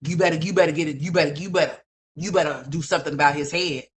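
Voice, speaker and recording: A woman's voice: racing, husky. A woman hosting a livestream, giving profane, brash, scolding commentary full of slang. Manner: animated, swings between loud and low. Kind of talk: ranting commentary.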